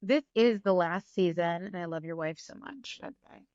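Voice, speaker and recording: A woman guest in a casual podcast interview, chatting in an animated, storytelling way. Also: lowish voice, a little fast, dry recording, muffled recording. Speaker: actress guest.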